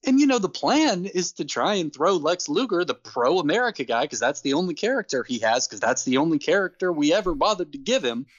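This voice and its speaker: A man co-hosting a casual podcast, ranting in an animated, exasperated way and laughing between points. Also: on the high side, a little fast, few pauses, dry recording, lo-fi sound. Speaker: podcast co-host. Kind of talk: casual wrestling podcast chat.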